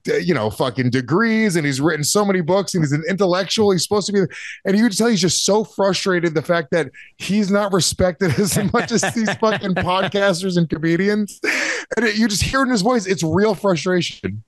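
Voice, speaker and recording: A man's voice: high-pitched, fairly quick, no echo, studio quality. A man co-hosting a podcast in casual chat, rambling with lots of fillers and swearing. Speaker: podcast co-host.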